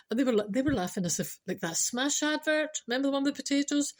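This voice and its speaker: Her mid-range, slightly mellow voice races along with few pauses as this Scottish woman in her forties tells a comic, rambling story. She is chatty and self-interrupting, often tacking on "I know" and ad-libbing her way into digressions.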